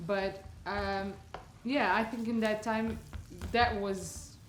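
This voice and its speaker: Brief: woman from portugal, relaxed talk, echoey kitchen with faint sizzle. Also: medium pitch, slow, a little hiss or hum. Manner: relaxed, reflective, laughs often. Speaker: guest singer. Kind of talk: casual chat while cooking. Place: home kitchen.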